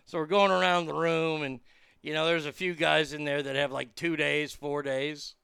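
A man telling a profane, animated story in casual chat, with lots of fillers and restarts. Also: fairly high pitch, normal speed, gravelly, clean tone, dry recording, studio quality. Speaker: comedian and podcast guest.

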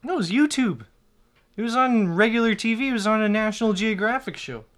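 A man's voice: sits high, animated, a little fast, a bit bright. A man hosting a podcast, telling crude stories in casual chat and laughing often. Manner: laughing, crude storytelling with put-on quotes. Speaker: podcast host.

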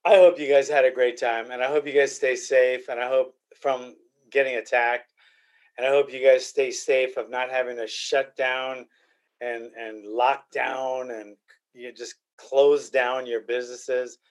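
A man's voice: medium pitch, flat delivery, unhurried. An older man hosting a casual podcast, talking in a blunt, rambling, repetitive way. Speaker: podcast host.

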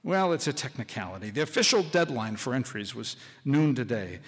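A man's voice: medium pitch, lively intonation, a little fast, slightly rough. A man reading aloud voices a sly, cynical newspaperman, wry and grave. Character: sly, cynical male newspaper editor Hackelman. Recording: live hall, long reverb.

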